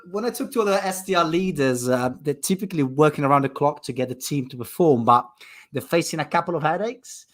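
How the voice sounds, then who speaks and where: A man with an Italian accent, a sales trainer making live cold calls on a headset, upbeat and quick to laugh while he moves about. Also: medium pitch. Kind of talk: live cold call, chatty and playful.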